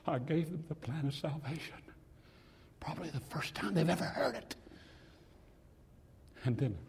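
An older man preaching a sermon in a church, animated and swinging between loud and hushed passages, with a husky voice. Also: a little high, moderate pace, big-room sound, a little hiss or hum.

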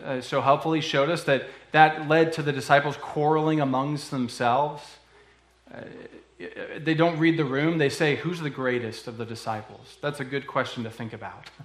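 A man preaching a sermon in an earnest, conversational way, often pausing with fillers. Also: medium pitch, echoey room. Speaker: pastor.

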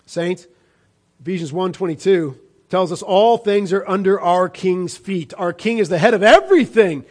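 A man preaching a sermon, swinging from fervent shouts down to low, hushed lines. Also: lively intonation, moderate pace. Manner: impassioned preaching, rising and dropping sharply. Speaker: pastor.

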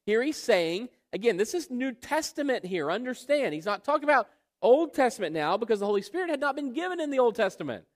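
A man preaching an expository Bible sermon, emphatic, asking rhetorical questions and drawing out key words. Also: sits high. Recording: long reverb of a hall.

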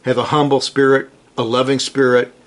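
In a sermon, a man speaks at medium pitch with little pitch movement, earnest and emphatic throughout. He repeats short commands to drive his points home and reads scripture slowly, the stress building.

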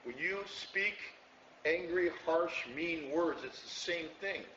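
A man's voice: a little high, slow pace, pushed and bright, recorded from a distance, slight background noise. A man preaching a conversational sermon as a pastor to a small congregation, often checking in with "okay?". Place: church hall, room with congregation. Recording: echoey lo-fi room recording from afar.

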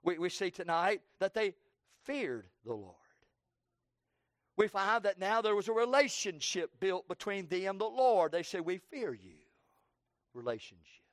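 A man preaching a sermon with fervor, swinging between loud cries and hushed tones and repeating his phrases for emphasis. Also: sits high, very animated, moderate pace, dry recording, studio quality.

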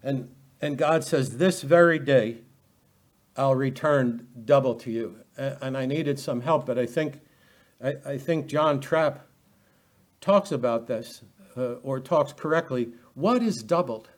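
A man preaching an expository Bible sermon, animated and full of rhetorical questions. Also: medium pitch, measured pace. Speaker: pastor.

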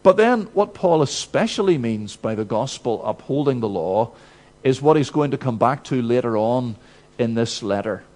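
A man's voice: mid-range voice, animated, normal speed, a little mellow. A male preacher giving an expository sermon, emphatic and full of rhetorical questions.

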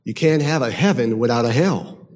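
A man preaching a sermon emphatically, moving from loud declaiming to hushed, intense passages. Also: medium pitch, normal speed, slight background noise. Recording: long hall reverb.

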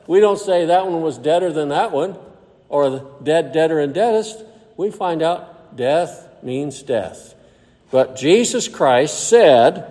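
A man preaches a sermon in a somewhat high but dark, mellow voice. He reads scripture in old-fashioned wording, then explains it plainly and slows down for emphasis. His voice rings out with a long reverb, as in a large hall. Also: animated.

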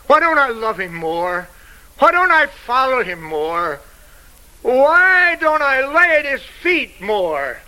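A man's voice: very animated, slow pace, poor audio. An older man preaching a fervent, emotional sermon, quoting scripture in old-fashioned wording. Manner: fervent, emotional preaching with wide swings in pitch and loudness.

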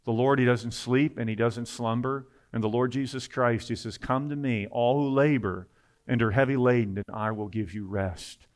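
A man preaching a sermon to a congregation, at times rising to loud, fervent emphasis, with quick asides. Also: mid-range voice, steady tone.

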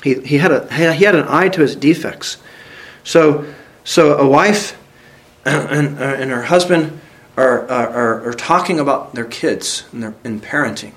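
Speaking a little slowly at a medium pitch, a man preaches a sermon, reading scripture and asking his listeners direct questions. His earnest delivery climbs to emphatic peaks, then quiets down.

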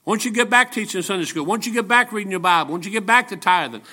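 A seventy-year-old man preaching with a bright, forceful voice pitched a little high. He tells folksy stories and jokes, pressing his points with emphatic repetition. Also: lively intonation, rapid-fire. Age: 70s. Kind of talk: storytelling sermon.

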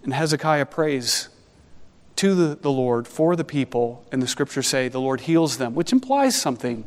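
A man preaching an expository sermon as pastor, animated and conversational with wry asides. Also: medium pitch, normal speed, long reverb tail.

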